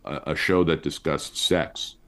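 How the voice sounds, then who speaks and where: A man with a notably low voice talks easily as a guest, spinning anecdotes. His pitch jumps up when he gets excited, and he keeps circling back with fillers. He grew up in Montreal. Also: unhurried, smooth. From Montreal, Canada. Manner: chatty storyteller with lively pitch swings. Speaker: comedian guest. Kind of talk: casual interview chat.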